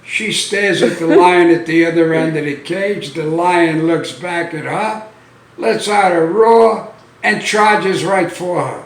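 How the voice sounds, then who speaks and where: A man telling a string of dirty jokes as a stand-up comedian, with a deadpan storyteller's delivery that punches the lines. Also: a little high, takes it slowly. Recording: roomy sound from a distant mic.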